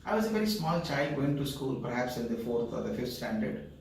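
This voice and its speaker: An older man with an Indian English accent telling a personal story from his childhood in a lively way, acting out the voices he quotes. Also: mid-range voice, brisk, gravelly, slight background noise. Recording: echoey room, far from the mic.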